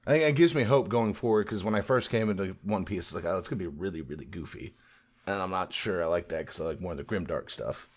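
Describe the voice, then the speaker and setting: A man co-hosting a podcast in casual chat, animated, recapping scenes and acting out quoted lines. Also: low-pitched, quick pace, few pauses. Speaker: podcast co-host.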